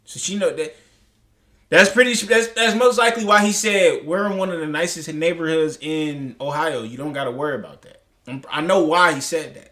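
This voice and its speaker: A man's voice: fairly high pitch, normal speed, pushed and bright. A man reacting to a clip, talking in a heated, profane, rambling way with many restarts. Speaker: commentary host. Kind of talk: reaction commentary.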